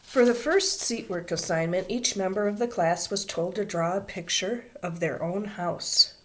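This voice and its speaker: A woman reading a children's book aloud with expressive, animated storytelling. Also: medium pitch, moderate pace. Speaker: reader.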